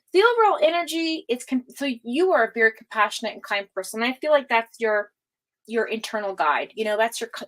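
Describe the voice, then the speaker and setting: On a low-quality recording, a woman with a slightly high, fairly bright voice hosts a tarot reading livestream. She's chatty and affectionate, calling viewers "cutie pie" while meandering through her talk with lots of fillers and restarts.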